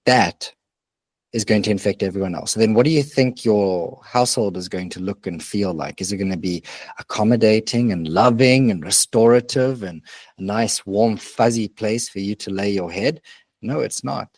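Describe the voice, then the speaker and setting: A man's voice: lowish voice, moderate pace, a little mellow, dry recording. A man co-hosting a podcast, coaching in an earnest, emphatic way and swearing now and then. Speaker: podcast co-host. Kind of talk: casual podcast conversation.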